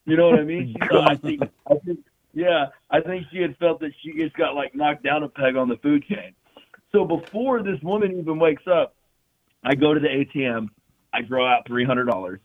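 A man's voice: fairly high pitch, moderate pace. Profane storytelling young man, tinny sound. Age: young adult. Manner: rambling, profane, loose and joking. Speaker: guest telling stories. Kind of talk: casual storytelling chat.

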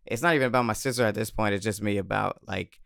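A man telling a personal story in casual chat, animated, swearing and laughing often, on a close mic. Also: lowish voice, quick pace, creaky, dry recording.

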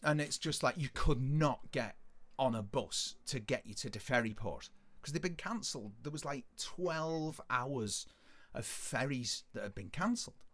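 A man's voice: medium pitch, fairly bright tone. A man telling a rambling, sweary anecdote on a casual podcast. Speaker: podcast co-host. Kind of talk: casual storytelling chat.

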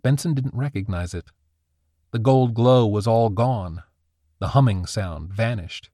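Male narrator, low voice, dry studio sound, even, scripted storytelling. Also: unhurried, dry recording.

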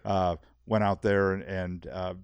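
Guy spinning a fishing yarn, lowish voice, dry close mic, keeps repeating himself. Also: a little slow, clear, resonant tone, no echo, dull audio. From South Texas. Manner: animated, rambling, lots of fillers and repeats. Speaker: podcast guest, fishing guide. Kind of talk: casual storytelling.

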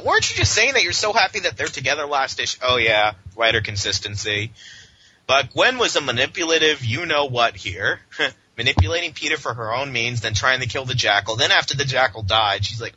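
A man with a mid-range voice talks briskly as a podcast co-host, launching into sarcastic, mocking, animated rants during a casual chat about comic books. The recording is dull and lo-fi, with a faint hiss.

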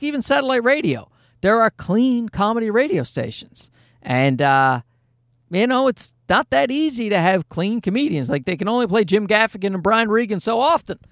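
A man's voice: sits high, no room sound, studio quality. A middle-aged man, a comedian, telling a rambling, self-deprecating story in casual monologue and swearing freely. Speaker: comedian and podcast host.

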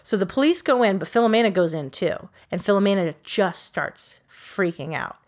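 A woman with a mid-range voice co-hosts a podcast, chattily and animatedly telling a true crime case, quoting voices and quickly correcting herself.

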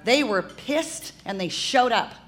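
A woman's voice: fairly high pitch, animated, slow, fairly bright tone. Fired-up woman ranting on stage. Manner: impassioned, stammering restarts. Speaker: comedy performer. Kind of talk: comedic rant on stage.

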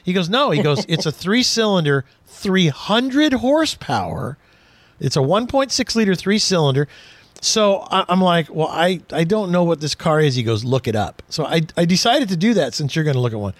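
A man's voice: on the high side, fairly quick, no room sound. A man hosting a casual car talk radio show, telling stories and acting out quotes. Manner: animated storyteller, acts out quotes.

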